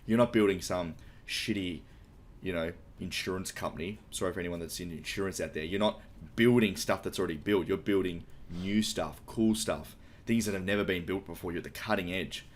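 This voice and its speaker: Man, podcast guest, very low voice, casual and keen, slight background hiss. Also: brisk. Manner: enthusiastic, informal, with light swearing. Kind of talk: casual explaining.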